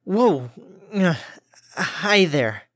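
A man's voice: fairly high pitch, expressive, takes it slowly, no echo, studio quality. A man voicing a nervous young female pegasus in a storybook reading, awkwardly polite and hesitant. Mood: flustered.

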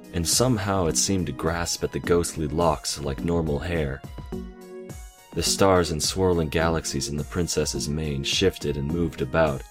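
A man with an extremely low, deep voice reads a fantasy story aloud. His delivery is calm and measured. Clear instrumental music runs beneath the narration. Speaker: story reader. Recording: reading over clear background music.

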